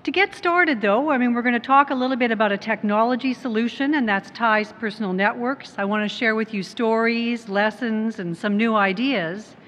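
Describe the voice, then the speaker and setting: A middle-aged woman from Canada gives a conference talk, asking the audience questions and slipping in small anecdotes. Her voice sits a touch high for a woman. It rings through a large hall with a long reverb tail and faint noise underneath. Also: moderate pace, few pauses, a bit bright. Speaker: conference presenter, tech company head. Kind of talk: conference presentation.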